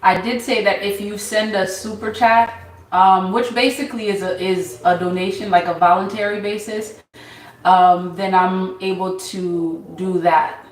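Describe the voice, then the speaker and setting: A woman hosting a casual tarot livestream, reading viewers' names from the chat and answering them in an unhurried way. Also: mid-range voice, fairly even intonation, echoey room, recorded from a distance, low-quality recording. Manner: unhurried, reads chat names aloud, laughs easily.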